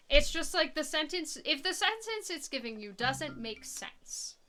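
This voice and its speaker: Young woman streamer, casual chatter, lively pitch, game music behind. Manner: chatty, filler-heavy, rambling. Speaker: speedrunner streaming. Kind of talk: casual chat while playing a game.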